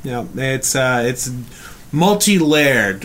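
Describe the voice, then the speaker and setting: A relaxed Canadian man co-hosts a podcast, chatting casually about music in a medium-pitched, fairly bright voice at a normal speed. He often agrees with brief replies like "yep" and "mm-hmm."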